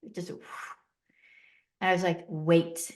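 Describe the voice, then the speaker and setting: A woman's voice: fairly low pitch, moderate pace. A middle-aged woman telling a personal story as a podcast guest, recounting events vividly and acting out the dialogue with emotion.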